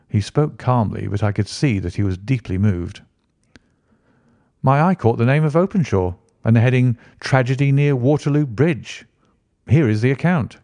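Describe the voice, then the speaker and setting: A man narrating a story in an audiobook reading, with steady, even storytelling. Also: mid-range voice, moderate pace, dry recording, studio quality. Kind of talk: scripted narration.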